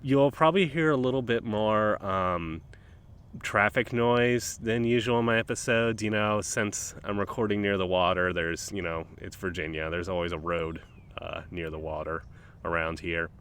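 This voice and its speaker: A man's voice: sits low, flat delivery, moderate pace, fairly bright tone, clean tone. Laid-back man rambling outdoors by the water. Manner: laid-back, rambling, frequent ums and uhs. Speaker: podcast host. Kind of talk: casual solo nature podcast. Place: outdoors by a calm waterside in a park.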